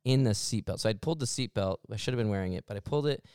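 Low, smooth-voiced man telling a story. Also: racing, darkish tone, no room sound, clean studio sound. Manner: rambling, self-deprecating, laughs often. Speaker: podcast co-host. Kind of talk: casual storytelling chat.

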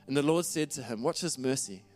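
A pastor delivers a sermon with a mid-range, somewhat dark male voice at a fairly quick pace, soft music playing underneath. He's earnest and conversational, reads scripture aloud, and keeps restarting his phrases.

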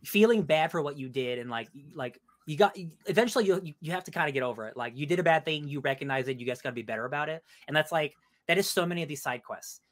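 A man co-hosting a casual gaming podcast, gushing and excitable, often trailing off mid-sentence. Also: a little high, fast talker. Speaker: podcast co-host.

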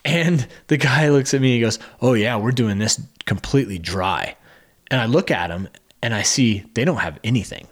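A man's voice: lowish voice, moderate pace. A man co-hosting a podcast, telling a hiking story in casual chat and acting out what people said. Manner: animated storytelling, acts out quotes. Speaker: podcast co-host.

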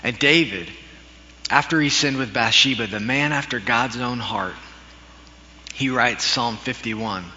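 A man's voice: medium pitch, pushed and bright, a little hiss or hum. A man preaching a sermon, telling a story from his childhood in an earnest way with some self-deprecating humor. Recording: dull recording with long hall reverb.

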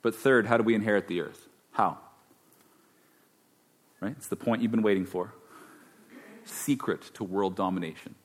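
A man's voice: lowish voice, normal speed, pauses often. A man preaching a sermon as pastor, conversational and then emphatic. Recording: long hall reverb.

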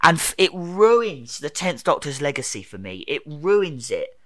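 A man's voice: fairly high pitch, sing-song, measured pace, fairly bright tone, no echo. A young man ranting in casual chat, swearing freely and acting out quotes.

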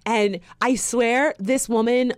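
A woman co-hosting a podcast in casual chat, animated and quick to mimic people in loud, squealy voices. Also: on the high side, no room sound. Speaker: podcast co-host.

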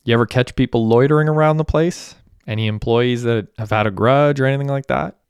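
A man voicing a hardened police detective who asks probing questions in a measured way. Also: mid-range voice, smooth, no echo, clean studio sound, voice pushed up, lightly acted.

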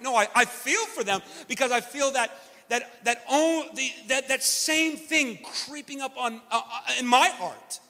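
A man's voice: very high-pitched, measured pace, gravelly, pushed and bright, in a large hall. A man preaching a sermon, earnest and self-deprecating, often restarting his sentences. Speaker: pastor.

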